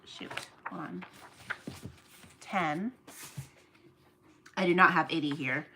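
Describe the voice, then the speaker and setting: A woman's voice: lowish voice, slow, vocal fry. Chatty woman vlogging over background noise. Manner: chatty, self-mocking, counting aloud while packing. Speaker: small online shop owner. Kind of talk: casual vlog chat to viewers.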